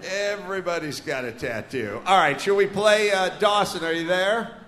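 A man's voice: sits high, normal speed, background noise. A man from North Hollywood hosting a live comedy podcast on stage, ranting and joking crudely. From North Hollywood, California. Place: live venue stage with audience. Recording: echoey live venue sound.

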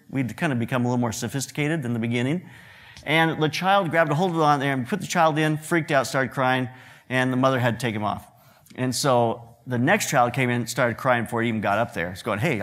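This guest lecturer, a photographer and director, entertains students with humorous tales from his photography work and acts out people's words. His voice is medium-pitched with a fairly bright tone.

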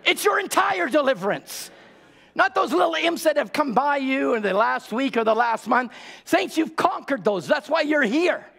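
A man's voice: very high voice, lively intonation, normal speed, creaky, a bit bright. A man preaching a sermon to his congregation, urgent and exhorting, repeating key words and asking rhetorical questions. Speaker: pastor.

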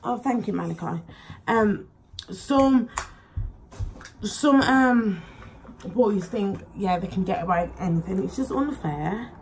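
Young woman, beauty vlogger, mid-pitched voice, rambly chatty delivery into a close camera, faint background noise. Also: lively intonation, slow pace, long pauses, low-quality recording. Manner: rambling and chatty, full of likes and ums. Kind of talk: casual chat while doing makeup. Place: at home.

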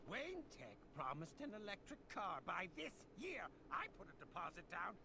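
An unhinged male villain shrieks his mocking fury in a very high, gravelly voice that swings all over the place. The clip is played back from far off with a clear hiss of noise beneath it. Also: huge pitch swings, moderate pace, heavily acted. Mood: furious. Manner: wild high shrieks, sneering and rising into yells.

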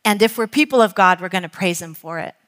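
Woman, church teaching, earnest, reads quotes slowly, medium pitch. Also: a bit bright. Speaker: Bible study teacher. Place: church hall.

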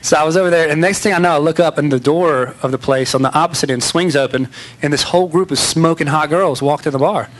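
A man's voice: fairly high pitch, fast. A man giving a candid, self-mocking storytelling speech to an audience. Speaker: speaker.

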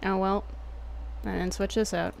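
Gravelly Texan woman streaming casually. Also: medium pitch, flat delivery, measured pace. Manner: laid-back, jokey, slangy, swears casually. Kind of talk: casual gameplay commentary.

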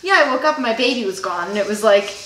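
A woman's voice: a little high, animated, quick pace, a bit bright, reverberant, slight background noise. A young woman in casual chat, answering with sympathetic reactions. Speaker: podcast co-host.

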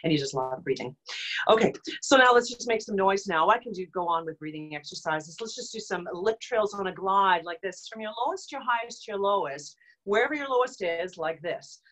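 Woman vocal coach, mid-pitched, instructive, demonstrating glides and hums, a touch dry. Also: lively intonation, fairly quick, a bit bright, low-quality recording. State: slightly dry voice. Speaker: voice teacher. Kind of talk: online group vocal exercise lesson.

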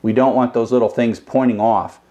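A man's voice: mid-range voice, fairly even intonation, normal speed, mellow, muffled recording. An older man teaching web programming in a recorded lecture. He explains casually and thinks aloud, with restarts. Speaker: programming instructor.

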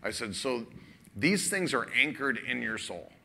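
A man's voice: mid-range voice, a little slow. A man pastor preaching a sermon, telling a story conversationally and acting out both sides of the dialogue. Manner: animated storytelling, acts out dialogue; casual, conversational preaching with fillers.

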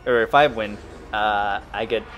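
A man hosting a casual gameplay session, excitable and laughing, yelping at crashes. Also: on the low side, takes it slowly, background noise. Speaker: gameplay host.

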